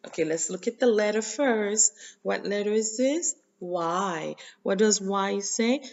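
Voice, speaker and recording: Woman, Haitian accent, teacher, children's phonics lesson, sing-song call-and-response, slow pace, muffled lo-fi sound. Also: mid-range voice, darkish tone.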